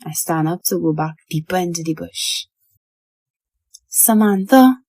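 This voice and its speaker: A woman reading a horror story aloud as a child narrator, slow and hushed. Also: deep voice, little pitch movement, husky, dry recording.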